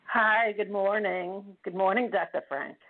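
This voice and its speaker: An older woman calling in to a radio show, speaking emotionally with halting restarts, heard over the phone. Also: medium pitch. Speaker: caller. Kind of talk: phone-in call. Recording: tinny phone line.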